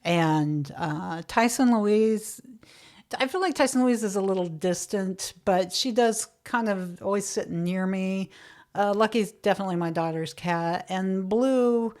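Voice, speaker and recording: A woman's voice: mid-range voice, a little slow, darkish tone. A woman in her late thirties, a comedian co-hosting a podcast, chatting casually and rambling off mid-thought. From Florida.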